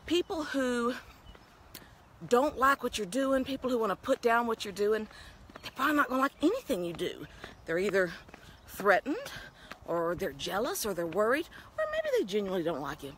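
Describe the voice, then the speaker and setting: Middle-aged Texan woman, a folksy vlogger, fairly high and very animated. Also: fairly quick, a little hiss or hum. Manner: chatty, upbeat, folksy. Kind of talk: casual talking-head vlog. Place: outdoors on a town street, walking.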